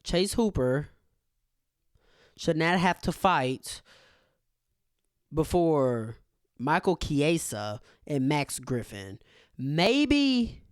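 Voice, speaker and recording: Smooth-voiced, blunt man. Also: on the high side, extremely slow, pauses often, dry recording, studio quality. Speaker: podcast co-host. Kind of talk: casual sports reaction chat.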